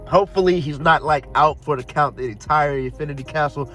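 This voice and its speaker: A man giving an excited, slangy spoken film review, rambling and breaking into laughs and shouts. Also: on the high side, a little fast, soft background music. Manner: slangy, rambling, restarts mid-sentence. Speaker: anime reviewer.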